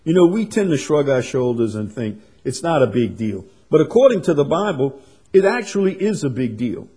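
A man preaching a sermon, swinging from quiet and conversational to loud, emphatic passages. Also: medium pitch, sing-song, normal speed, husky. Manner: builds to loud emphatic preaching, then drops soft. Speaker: pastor.

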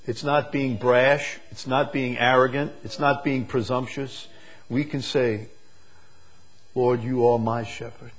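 A man preaching a sermon, moving from quiet, slow reflection to loud, emphatic declarations. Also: mid-range voice, breathy edge. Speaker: pastor.

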